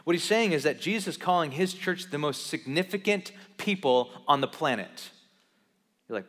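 A man's voice: fairly high pitch, expressive, moderate pace, a bit bright. Emphatic man preaching in a reverberant hall. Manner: conversational, emphatic, stumbles and repeats words. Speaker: pastor. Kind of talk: sermon. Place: church in Los Angeles.

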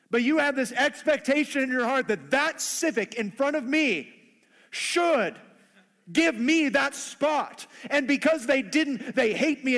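A man's voice: extremely high pitch, fairly bright tone, big-room sound. A man preaching a sermon who acts out everyday conversations in playful voices. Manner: acts out dialogue in funny voices. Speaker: pastor.

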